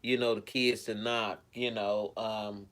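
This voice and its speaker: A man's voice: lowish voice, little pitch movement, measured pace, a bit bright. Man rambling caringly on a live stream. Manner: rambling, caring, greets viewers by name. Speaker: live streamer reading chat. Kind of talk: casual live-stream chat. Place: at home.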